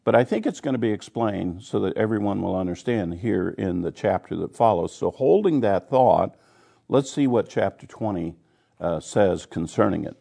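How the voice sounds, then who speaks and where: A man's voice: lowish voice, animated, normal speed, gravelly, mellow. A man teaching a Bible study, reading scripture passages aloud and then explaining them in plain, conversational terms.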